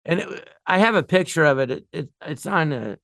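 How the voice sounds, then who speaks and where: A man's voice: on the high side, expressive, a little fast, gravelly, a bit bright, no echo, clean studio sound. A man telling rambling, funny anecdotes as a guest, often laughing at his own stories. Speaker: guest storyteller.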